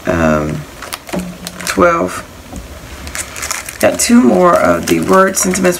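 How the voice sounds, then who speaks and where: A woman's voice: sits low, gravelly, slight background noise, low-quality recording. A woman casually showing off craft supplies she bought, rambling a little and reading out prices and item numbers. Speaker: crafting haul vlogger.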